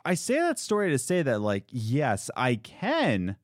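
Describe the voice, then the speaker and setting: A young man co-hosting a podcast, telling stories in a rambling, animated way with frequent restarts. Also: mid-range voice, unhurried, dry recording, clean studio sound. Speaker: podcast co-host. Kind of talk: casual chat.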